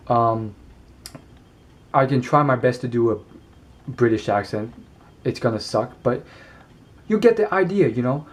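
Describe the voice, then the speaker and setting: A man in a casual vlog, speaking in a mid-range voice. He rambles and hesitates often, filling his pauses with ums as he works through his ideas. His pace picks up in quick bursts before slowing again. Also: mid-range voice, darkish tone. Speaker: vlogger. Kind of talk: casual talk to camera.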